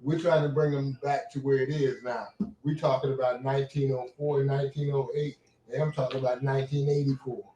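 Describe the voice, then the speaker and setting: An older man, telling rambling, animated anecdotes in casual chat as a show host. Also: medium pitch, fairly quick, a little hiss or hum. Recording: echoey room.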